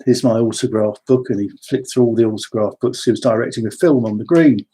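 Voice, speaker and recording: A man tells rambling personal stories with wry asides. His voice is mellow and soft-edged, a little husky. He speaks at a middling pitch. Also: fast talker. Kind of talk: casual personal storytelling.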